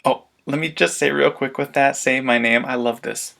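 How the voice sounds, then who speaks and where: Man, mid pitch, gravelly, upbeat parenting coach who laughs a lot while presenting. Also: normal speed. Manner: lively, laughs often, acts out parent demands. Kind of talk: webinar presentation.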